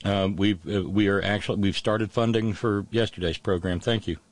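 A middle-aged man hosting a live show, talking haltingly with many restarts in a calm, consoling way. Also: lowish voice, no room sound. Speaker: host. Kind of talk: emotional live show talk.

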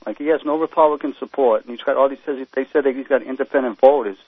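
Earnest male caller phoning in; husky voice, rapid delivery, thin phone-line sound. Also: medium pitch, no room sound. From Boston, Massachusetts. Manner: earnest, conspiratorial, halting. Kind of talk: call-in radio chat.

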